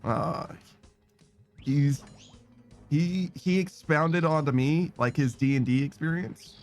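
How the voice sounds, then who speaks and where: A man's voice: a little high, slow, soft background music. A man streaming a game in casual chat, reading messages aloud, rambling, swearing often and laughing a lot.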